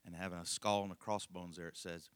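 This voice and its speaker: Man, pastor, folksy rambling sermon, lower voice, dry close sound. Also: little pitch movement, fast talker, clear, resonant tone, no room sound. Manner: rambling, folksy storytelling with frequent laughs and restarts. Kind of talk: conversational sermon.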